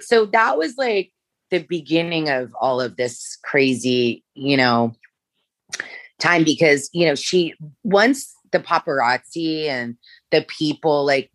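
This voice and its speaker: A woman recounts old memories in a low, loose voice, circling back and restarting often. The sound is dry and close. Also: no room sound. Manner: rambling, many fillers and restarts. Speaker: former makeup artist, guest. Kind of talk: storytelling interview.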